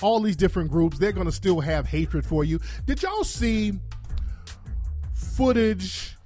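A man hosting a commentary show, delivering a blunt, profane, emphatic opinion monologue and mocking others in high falsetto voices. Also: sing-song, unhurried, mellow, faint music behind.

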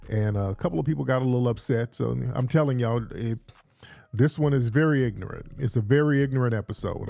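On a rainy day inside, a man hosting a casual livestream pumps up his viewers with loose chatter and call-outs he keeps repeating. His mid-range voice is creaky and dark, captured in a dry recording.

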